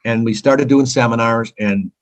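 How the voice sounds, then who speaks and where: A man's voice: moderate pace, rough recording. A man from California, a company founder, giving eager, talkative answers in a casual interview. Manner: eager, talkative salesman pitch.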